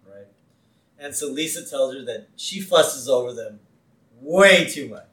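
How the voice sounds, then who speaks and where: A man's voice: mid-range voice, expressive, a little slow, fairly bright tone. A man co-hosting a podcast, chatting in a laid-back, agreeable way and laughing often. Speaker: podcast co-host. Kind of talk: casual chat recapping a cartoon episode. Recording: roomy echo.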